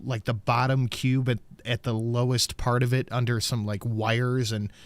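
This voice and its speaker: A man's voice: mid-range voice, level tone, moderate pace, no echo, studio quality. A man hosting a podcast, telling a casual, rambling story with some swearing. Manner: laid-back storytelling, sweary. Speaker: podcast host. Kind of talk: casual chat.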